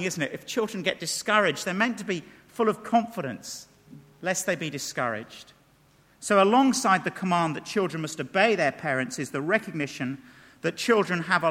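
A man's voice: high-pitched, pushed and bright. A man preaching a sermon, emphatic, asking rhetorical questions and reading passages aloud. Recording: long reverb of a large hall.

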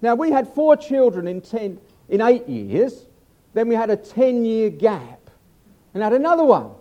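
A man's voice: extremely high pitch, very animated, measured pace, dark tone, dull audio. An older man preaching a humorous sermon, chatty and self-mocking as he tells stories.

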